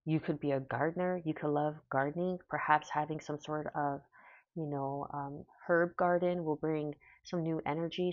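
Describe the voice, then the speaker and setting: A woman giving a spiritual tarot reading in a soft, slow, emotional and affirming way. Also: low-pitched, no echo. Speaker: tarot reader. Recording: dull, lo-fi sound.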